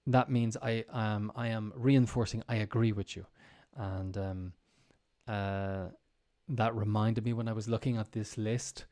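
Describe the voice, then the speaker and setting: A man's voice: lowish voice, fairly even intonation, a little slow, dark tone. A man teaching English in a casual live-streamed lesson, explaining step by step with frequent ums and restarts.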